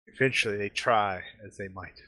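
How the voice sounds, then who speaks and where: A man's voice: on the low side, normal speed, bright, forceful tone, no echo, studio quality. A man running a tabletop game as game master, narrating casually with chatty asides.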